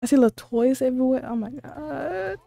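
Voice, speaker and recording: A woman hosting a reaction video, gushing with excited, squealing exclamations and repeating herself, a little sleepy because it is late at night. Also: high voice, fairly quick, vocal fry, soft background music. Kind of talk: excited casual reaction commentary.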